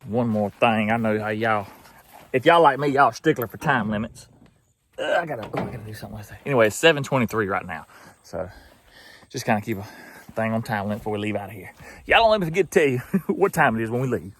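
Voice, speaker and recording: A man's voice: on the low side, expressive, quick pace, a bit bright, a little hiss or hum. A man with a Southern US accent, chatting folksily outdoors in a field while narrating his hog trapping vlog. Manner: folksy, chatty, laughs often.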